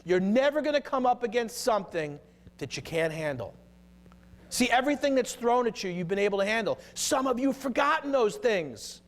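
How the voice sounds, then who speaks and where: Middle-aged male keynote speaker, very high and animated, energetic crowd-leading delivery. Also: brisk. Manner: energetic, leads the crowd in chanted affirmations. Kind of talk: motivational keynote speech. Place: conference hall with a live audience.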